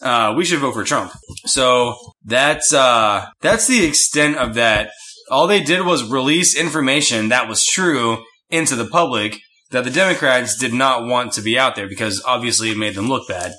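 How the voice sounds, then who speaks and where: A man's voice: medium pitch, moderate pace, pushed and bright. A young man co-hosting a podcast, chatting in a rambling, teasing way. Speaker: podcast co-host. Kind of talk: casual chat.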